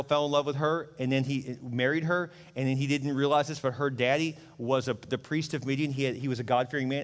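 A man's voice: medium pitch, in a large hall. A middle-aged man preaching a conversational sermon as pastor, acting out the voices he quotes.

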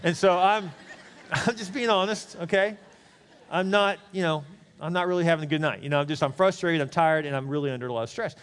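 A male pastor tells a story from the pulpit at a rapid clip, his voice sitting a little high for a man. He talks candidly and chattily, throwing quick asides to the congregation. The sound rings out with the long reverb of a church hall. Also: smooth. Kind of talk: storytelling sermon.

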